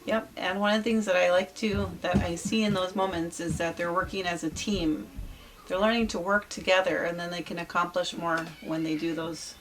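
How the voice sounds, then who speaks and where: A woman, a mother in a family vlog, talking gently and softly in a casual chat. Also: fairly low pitch, steady tone, moderate pace.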